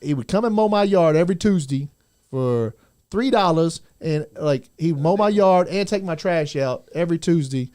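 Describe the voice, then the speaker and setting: Man, higher-pitched voice, casual chat, profane storyteller, laughs a lot. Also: expressive, moderate pace, a little mellow. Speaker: host. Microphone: studio mic.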